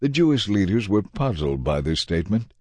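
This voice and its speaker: A man narrates a dramatized scripture reading in a deep, dark voice. His intonation is lively and expressive. The sound is dry and close, with soft music underneath. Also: fairly quick, no room sound. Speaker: scripture reader.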